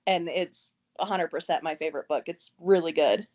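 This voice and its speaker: A woman's voice: lowish voice, steady tone, normal speed, a little mellow. A woman in her thirties hosting a casual interview, chatty, laughing often and restarting her sentences. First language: English. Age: 30s.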